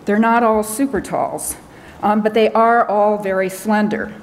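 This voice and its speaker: American woman presenter, hurried and filler-heavy, lecture-hall reverb. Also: mid-range voice, slight background noise. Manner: hurried, talking fast with many fillers and restarts. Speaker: conference speaker. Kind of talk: conference talk. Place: large conference hall.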